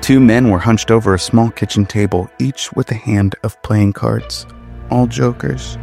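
A man narrating a comedic story with wry, deadpan asides. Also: on the low side, creaky.

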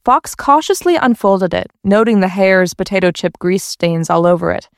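A woman's voice: medium pitch, lively intonation, moderate pace, dry recording, studio quality. A woman reading a comic parody story aloud with playful, wry asides. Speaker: narrator.

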